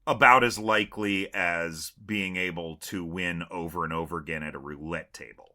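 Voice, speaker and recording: A man's voice: sits low, fairly even intonation, normal speed, sharp tone. A man co-hosting a podcast, joking and laughing through casual chat. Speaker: podcast co-host.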